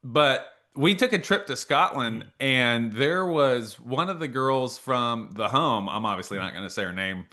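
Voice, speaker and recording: A man's voice: medium pitch, lively intonation, unhurried, few pauses, bright, forceful tone. A man hosting a podcast, chatting casually and joking, with stumbling restarts. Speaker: podcast host. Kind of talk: casual chat.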